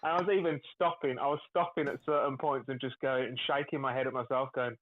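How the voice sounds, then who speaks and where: A man's voice: medium pitch, steady tone, quick pace, hardly any pauses, no echo. A man, a day trader, swearing and laughing at himself in casual banter over a call. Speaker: day trader on a group stream. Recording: tinny phone-like call audio.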